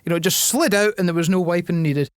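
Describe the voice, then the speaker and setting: High-voiced Scottish man cracking crude jokes. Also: fast, smooth, no room sound, studio quality. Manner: crude banter, laughs often, puts on silly voices. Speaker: podcast co-host. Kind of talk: casual comedic chat.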